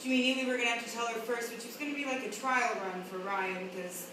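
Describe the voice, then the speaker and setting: A woman with a high voice delivers a blunt, foul-mouthed comic monologue in a wry tone. She is recorded from a distance in a very echoey room, with steady noise underneath. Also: fast. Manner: blunt, heavy swearing, wry.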